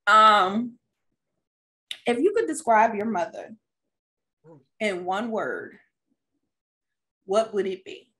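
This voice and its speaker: A woman's voice: medium pitch, slow, long pauses, slight background noise. A woman co-hosting a podcast, telling a casual family story with frequent laughs. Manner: laughs often, relaxed storyteller. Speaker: podcast co-host; mother and stepmother.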